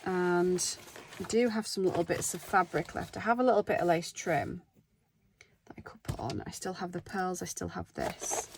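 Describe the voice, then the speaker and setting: With a noisy background behind her, a thirties craft vlogger speaks in a lowish, creaky voice at a moderate pace, with few pauses. She works on a craft project at home and chats casually with viewers, often making fun of herself.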